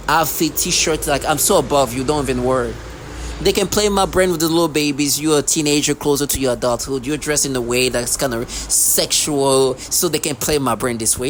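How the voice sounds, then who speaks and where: A man's voice: fairly high pitch, slight background noise. A man vlogging in a rambling, agitated monologue, repeating himself, restarting sentences and swearing often. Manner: agitated, repetitive, profane, many restarts.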